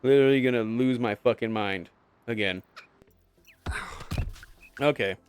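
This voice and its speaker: A man's voice: mid-range voice, a little slow, smooth, no room sound, faint music behind. A young man live-streaming a game, chatting with viewers in a joking, sarcastic way and swearing casually.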